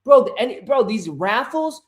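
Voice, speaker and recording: This sneaker livestream host has an extremely high, sing-song voice and a measured pace. Talking casually into a desk microphone during his live stream, he curses, frustrates easily, and addresses viewers as bro and dude, growing loud and insistent to drive a point home.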